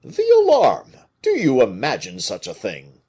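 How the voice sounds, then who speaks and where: A man reading an audiobook voices a blustering giant soldier who talks loudly and excitably. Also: on the high side, moderate pace, slightly rough, pitched above the performer's own voice, exaggerated voice. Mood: astonished. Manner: loud and excitable, exclaiming.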